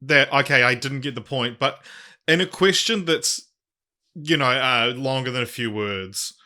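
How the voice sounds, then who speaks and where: Rambling New Zealand man, bright tone. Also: mid-range voice, measured pace. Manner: rambling, self-interrupting, jokey. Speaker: podcast co-host. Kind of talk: casual podcast chat.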